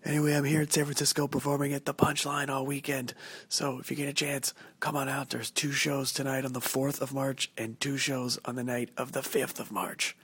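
A man's voice: medium pitch, little pitch movement, a little fast, fairly bright tone, breathy edge, no echo. A man hosting a podcast, whispering his intro in a hotel room so he does not wake the neighbours, with wry asides along the way. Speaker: podcast host.

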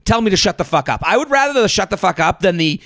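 A podcast host, a man with a slightly high voice, recorded close and dry. He rambles through his points with stammered repeats and laughs. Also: sing-song, fast talker, gravelly, a bit bright, no room sound. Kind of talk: casual comedic chat.

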